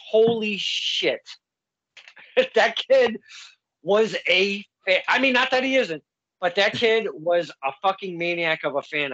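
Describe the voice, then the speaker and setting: A man hosting a casual podcast chat, laughing often and talking in a relaxed way. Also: high-pitched. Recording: dull, dry muffled recording.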